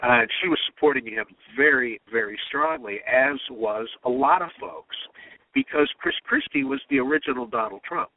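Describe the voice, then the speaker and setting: Male comedy writer telling lively anecdotes, mimicking quotes; thin phone-line audio. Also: medium pitch, moderate pace, no room sound. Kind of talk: storytelling interview talk. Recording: tinny phone-line sound.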